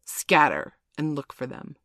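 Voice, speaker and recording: A woman voicing a menacing, brooding male pirate captain in a storybook reading, speaking slowly and darkly with theatrical force. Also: sits low, sing-song, no room sound, studio quality, heavily acted. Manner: slow, dark, theatrical growl.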